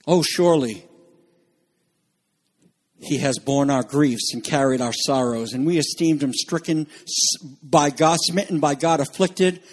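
A man preaching a sermon with passion, swinging between soaring shouts and hushed, low asides. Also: breathy edge. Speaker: pastor.

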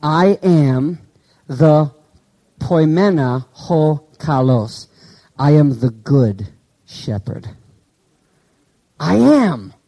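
A man preaching a sermon in a conversational way, asking his listeners questions and slowly reading out Greek words. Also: fairly high pitch, expressive, mellow, poor audio. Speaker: pastor.

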